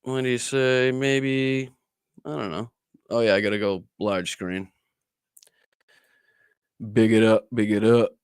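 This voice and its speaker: A man's voice: lowish voice, flat delivery, slow pace, pauses often, smooth, no room sound, clean studio sound. A man hosting a casual political live stream, rambling and joking with crude asides while he chats with viewers. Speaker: political livestream host.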